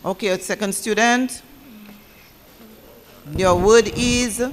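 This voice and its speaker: A woman's voice: medium pitch, slow, fairly bright tone, a little hiss or hum. A woman acting as pronouncer at a spelling bee, saying each word twice and spelling out corrections letter by letter. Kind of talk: competition announcing.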